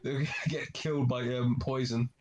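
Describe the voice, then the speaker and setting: A man's voice: medium pitch, steady tone, normal speed, a little mellow. Man riffing jokes, faint noise behind. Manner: joking, riffing on the story. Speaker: podcast co-host. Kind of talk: casual comedic banter.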